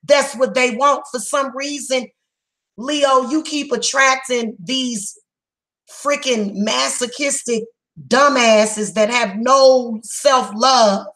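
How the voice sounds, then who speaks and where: A woman giving a psychic reading, speaking bluntly and emphatically, heated and repetitive, slowing down to stress her words. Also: high voice, steady tone, a bit bright, rough recording. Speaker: psychic reader. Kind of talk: tarot reading monologue.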